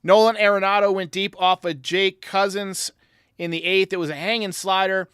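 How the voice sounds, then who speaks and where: A man hosting a sports podcast, giving an excitable casual game recap and talking straight to his viewers. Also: high-pitched, moderate pace, clear, resonant tone, no room sound, clean studio sound. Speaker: podcast host.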